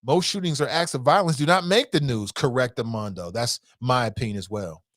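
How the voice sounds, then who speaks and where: A man running a casual call-in talk show, reading listener messages aloud and answering them. His voice sits at a middling pitch and jumps up sharply when he is incredulous. He repeats lines for emphasis, and the sound is close and dry with no room echo. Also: brisk, a bit bright. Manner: conversational, repeats himself for emphasis.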